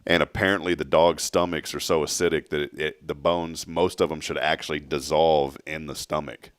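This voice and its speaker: A man's voice: rumbling low, flat delivery, normal speed, no echo, studio quality. A man hosting a morning show, telling a rambling story and laughing along. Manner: storytelling, laughs at his own jokes, mimics voices. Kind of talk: casual chat.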